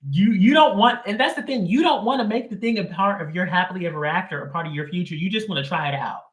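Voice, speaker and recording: A man's voice: high voice, fast, reverberant. A man giving a casual live tarot reading in a sassy, slangy, emphatic way. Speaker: tarot reader.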